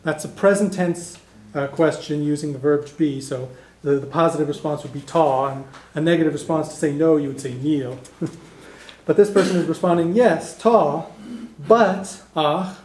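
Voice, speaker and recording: Higher-voiced man teaching in an echoey classroom. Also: darkish tone. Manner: explains step by step, models phrases slowly for repetition. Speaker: Irish language teacher. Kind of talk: classroom language lesson. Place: community classroom in a heritage house.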